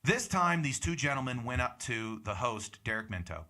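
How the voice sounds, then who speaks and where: A man's voice: mid-range voice, sing-song, moderate pace, pushed and bright. A young man hosting a show, telling a bar anecdote and acting out the other people's lines. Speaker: comedian and show host. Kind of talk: casual storytelling chat.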